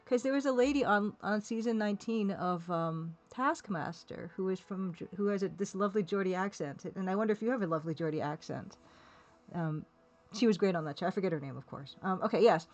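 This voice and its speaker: A woman's voice: mid-range voice, fairly quick, darkish tone. Chatty woman streamer, rambling. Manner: chatty, rambling, laughs often, reads chat aloud. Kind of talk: casual live-stream chat.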